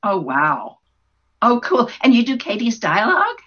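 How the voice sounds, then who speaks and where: A woman's voice: a little high, huge pitch swings, unhurried, fairly bright tone, slightly rough, highs cut off. A woman interviewing podcast hosts, reacting with enthusiastic short exclamations. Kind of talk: casual interview chat.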